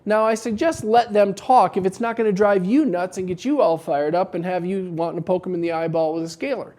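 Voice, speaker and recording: A man coaching dental practice owners in a casual, joking advice talk, telling animated stories to make his point. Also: high-pitched. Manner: wry, joking, animated storytelling.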